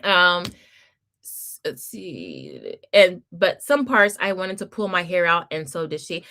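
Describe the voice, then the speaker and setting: A woman's voice: fairly low pitch, very animated, takes it slowly, bright, forceful tone. Middle-aged woman on a home livestream, chatting casual and encouraging, lots of laughs and restarts. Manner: Southern-style address to viewers. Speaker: homeschool channel host. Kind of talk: casual livestream chat reading comments.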